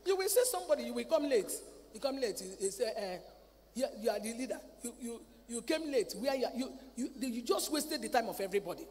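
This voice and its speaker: Lively woman preaching in a hall. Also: on the high side, a little fast. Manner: lively, acts out family dialogue, repeats words. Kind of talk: sermon. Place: large convention hall. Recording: reverberant hall, faint ambient noise.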